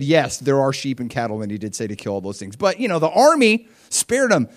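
Animated preaching man in his forties. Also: on the high side, fairly quick, hardly any pauses. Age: 40s. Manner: animated, conversational preaching with sudden loud bursts. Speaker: pastor. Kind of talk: sermon.

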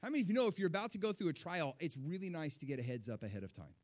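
A middle-aged man preaching a sermon to his church, animated, with rising emphasis and repeated words. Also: fairly high pitch, very fast. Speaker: pastor.

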